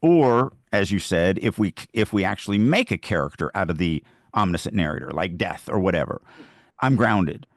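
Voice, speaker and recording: A man's voice: sits low, expressive, moderate pace, no room sound, studio quality. A man co-hosting a podcast, making emphatic points about writing from the reader's point of view in a casual chat. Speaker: podcast co-host. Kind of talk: casual discussion on writing craft.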